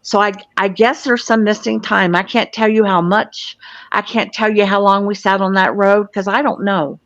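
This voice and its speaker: A woman's voice: mid-range voice, fairly even intonation, moderate pace, fairly bright tone, no echo. A woman in her sixties from Florida, a guest recounting a personal experience in an earnest, matter-of-fact way. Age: 60s. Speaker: guest, UFO field investigator. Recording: dull lo-fi, dry.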